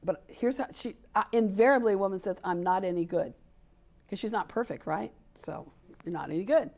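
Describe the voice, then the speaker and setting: A woman in her seventies, a sports equality advocate, gives a candid interview, speaking emphatically, acting out quoted dialogue, and repeating points for stress. Her medium-pitched voice is creaky and a little mellow, brisk with lively intonation.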